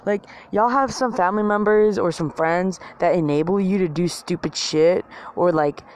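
A woman's voice: on the low side, normal speed, a little mellow. A woman ranting casually to her viewers, rambling, swearing often and mocking herself. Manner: rambling, profane, self-mocking, filler-heavy. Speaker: vlogger. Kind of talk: casual rant to camera.

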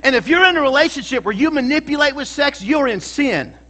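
A man's voice: very high-pitched, animated, brisk, pushed and bright. A male pastor preaching a sermon in a church, emphatic and calling out to the congregation for responses.

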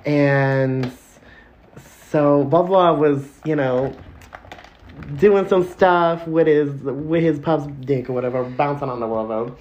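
A young man co-hosting a podcast, chatting casually and teasing his friend with quick interjections. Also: a little high, a little mellow. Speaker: podcast co-host. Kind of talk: casual chat. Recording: crunchy lo-fi audio.

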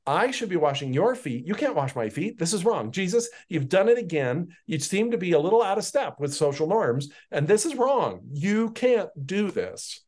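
A man's voice: high voice, very animated, moderate pace, few pauses, darkish tone, voice pushed up. A man doing an indignant, blunt apostle. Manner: insistent, exasperated objections. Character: agitated protesting male apostle, blunt.

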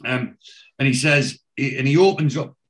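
A man's voice: medium pitch, normal speed. A man, casually recapping a TV episode as a podcast host, telling it in a rambling way with many fillers.

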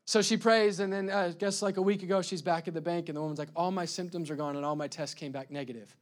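A man preaching a lively sermon to his congregation, restarting his words often, with sudden loud bursts. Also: on the high side, fast talker. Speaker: pastor.

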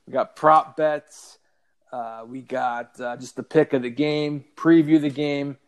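A man's voice: medium pitch, fairly even intonation, slow pace, clean tone. A man co-hosting a podcast, laid-back in casual chat, plugging next week's show. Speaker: podcast co-host.

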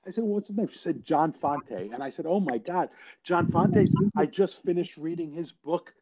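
Older man, lively storyteller, mellow voice, dull lo-fi sound. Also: a little high, normal speed, slight background noise. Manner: animated storyteller, quotes people in his tales. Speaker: guest actor. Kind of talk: storytelling in a casual interview. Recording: dull lo-fi audio.

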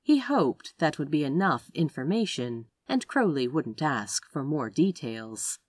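A woman reading a romance story aloud as narrator, with expressive delivery. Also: measured pace, slightly rough, no echo. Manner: expressive narration with wide pitch swings. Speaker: audiobook narrator.

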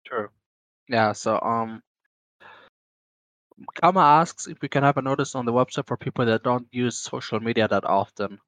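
A man with a German accent hosting a casual online Q&A, speaking haltingly with many restarts and self-corrections. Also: mid-range voice, fairly bright tone, no echo. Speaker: AMA host.

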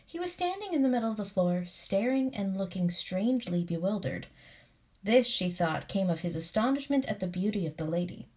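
A woman reading a classic story aloud in a calm, soothing way, giving each character expression. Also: medium pitch, moderate pace. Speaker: storybook reader. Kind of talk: calm read-aloud storytelling with relaxation cues.

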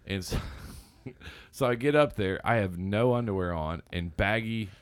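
A man's voice: fairly low pitch, moderate pace, no room sound. A man telling a rambling, laughing story in a casual chat among friends.

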